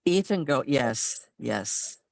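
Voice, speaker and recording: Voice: slow, gravelly, no echo. A host of a live film review show, chatting casually and often agreeing with short replies and laughs. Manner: agreeable, frequent "right" and laughs, lively pitch. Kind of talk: casual live recap chat.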